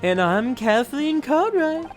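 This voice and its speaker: A man voicing a polite female co-host of an awards show, speaking in a bright, polished presenter tone in a game. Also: extremely high pitch, very animated, slow pace, faint music behind, pitched above the performer's own voice, heavily acted. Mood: cheerful.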